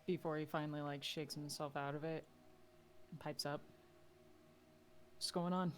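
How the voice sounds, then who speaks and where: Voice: mid-range voice, little pitch movement, normal speed, slight background noise. A player in a tabletop game, casually narrating a character's actions with fillers.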